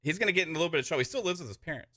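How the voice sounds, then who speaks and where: A podcast co-host with a fairly high voice races through a long story in a casual chat. He tells it as an animated storyteller, loaded with fillers and asides.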